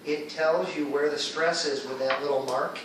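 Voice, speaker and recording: A man's voice: a little high, steady tone, normal speed, far from the mic, noisy background. Guy teaching english class, keeps asking okay? right?, recorded from across a big echoey room. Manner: explains patiently, checks in with students often. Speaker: ESL teacher.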